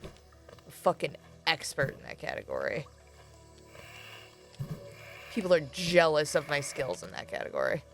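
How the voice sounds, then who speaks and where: A woman's voice: low-pitched, huge pitch swings, measured pace, creaky, long pauses, a bit bright, soft background music. A woman streaming a game, talking casually with sarcastic, self-mocking commentary and frequent swearing.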